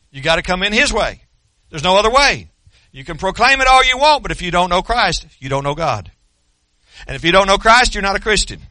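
A male pastor delivers a sermon in a forceful, rising cadence, hammering the same points again and again. His voice sits high and bright, close and dry on the mic. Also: dry recording. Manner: emphatic, repetitive preaching cadence.

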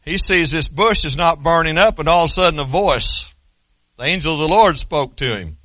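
Bright-voiced fervent preacher man. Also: fairly high pitch, lively intonation, normal speed, dry recording, clean studio sound. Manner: folksy, rising to shouted fervor. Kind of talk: sermon.

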